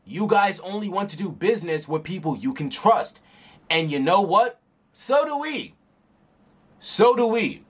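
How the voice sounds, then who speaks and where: A man's voice: high-pitched, sing-song, unhurried, fairly bright tone, exaggerated voice. A man voicing a blunt, unbending young slime demon lord while reading a manga aloud, in a firm, reasoning manner. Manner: firm, matter-of-fact, reasoning.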